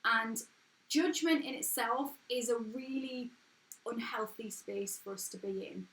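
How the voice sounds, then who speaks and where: A woman's voice: on the high side, measured pace, a bit bright. A woman in her thirties with an everyday English accent, hosting a casual motivational live stream from home, talking frankly and earnestly in a chatty way. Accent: English, not posh. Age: 30s. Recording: echoey room.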